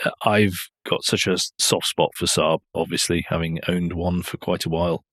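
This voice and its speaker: A man's voice: low voice, fairly even intonation, moderate pace, a bit bright, no room sound, clean studio sound. A man co-hosting a motoring podcast in casual chat, rambling and laughing often. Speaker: podcast co-host.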